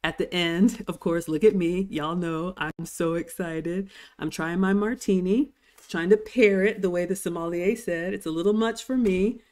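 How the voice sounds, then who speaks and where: Woman vlogger, lowish voice, gushing live-stream chat. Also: a little mellow. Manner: gushing, chatty, reads viewer comments aloud. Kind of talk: live-stream commentary over cruise dining footage.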